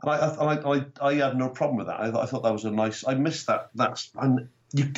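A Welsh man telling rugby and comedy stories in casual chat, animated and swearing freely. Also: mid-range voice, a little fast, lo-fi sound. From Wales. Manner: animated storytelling, swearing, acting out quotes. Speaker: guest comedian.

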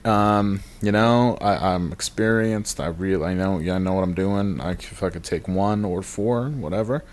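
A man's voice: sits low, normal speed. A man telling a rambling, self-deprecating comic story on a podcast, swearing and laughing at himself.

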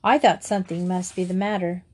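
A woman voicing a bold, blunt schoolgirl who speaks in a brisk, breezy way. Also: fairly low pitch, fairly even intonation, a little mellow, natural voice.

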